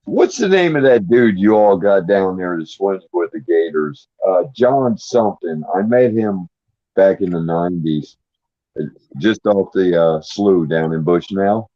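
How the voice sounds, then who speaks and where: A man's voice: low voice, animated, measured pace, mellow, dry recording. A middle-aged man, a guest in casual chat, ranting angrily and swearing often. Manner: angry, profane ranting. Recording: dull, dry sound.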